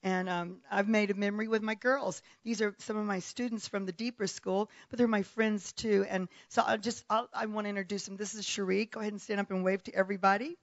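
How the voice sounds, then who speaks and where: A woman's voice: medium pitch, steady tone, a little fast, few pauses, dry recording, muffled recording. A woman from South Africa who grew up partly in Texas, a guest preacher opening her sermon with chatty remarks and laughter. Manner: warm, chatty, laughs often. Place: church pulpit.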